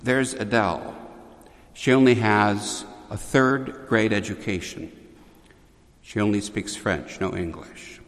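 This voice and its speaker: A male preacher telling a devotional story in a sermon, measured, with wry asides to the congregation. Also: lowish voice, long reverb tail.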